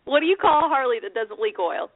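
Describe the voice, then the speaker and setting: A woman's voice: high voice, big pitch swings, fast talker. A woman co-hosting a motorcycle radio show, chatting casually and laughing often. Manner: giggly and chatty. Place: Sarasota. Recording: phone-like narrow band, dry.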